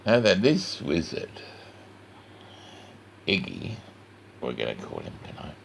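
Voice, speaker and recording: A man's voice: very deep voice, huge pitch swings, takes it slowly, vocal fry, slight background noise. A man with a West Country accent, chatting in a rambling, folksy way to the viewer while he draws. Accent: West Country English. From West Country of England. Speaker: cartoon artist. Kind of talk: chatty drawing tutorial.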